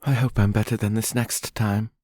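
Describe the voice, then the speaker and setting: A man's voice: lowish voice, steady tone, moderate pace, a little mellow, no echo, studio quality, pitched above the performer's own voice, lightly acted. A man voicing a weepy young mother, crying and gulping through her words. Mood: teary, warming. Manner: gulping, sobbing, overwhelmed.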